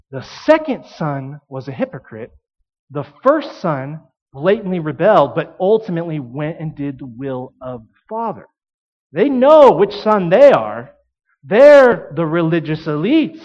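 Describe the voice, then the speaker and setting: A man's voice: fairly high pitch, big pitch swings, normal speed, dull audio. A man preaching a sermon, retelling a parable and acting out the voices of the people in it. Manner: storytelling, acts out quoted voices. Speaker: pastor.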